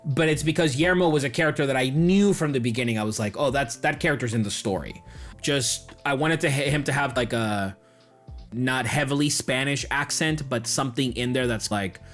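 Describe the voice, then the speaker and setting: A man's voice: mid-range voice, moderate pace, faint music behind. A man, the game master of a tabletop show, chatting casually and animatedly about how he builds his characters. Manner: animated, acts out quoted characters. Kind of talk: casual podcast chat.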